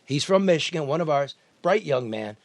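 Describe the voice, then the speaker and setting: A fairly high-voiced man hosts a news talk show. He talks bluntly and throws in profanity, tripping over and repeating his words. His voice sounds close and dry, with no room around it. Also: animated, normal speed, dry recording. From American Midwest. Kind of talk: casual talk show banter.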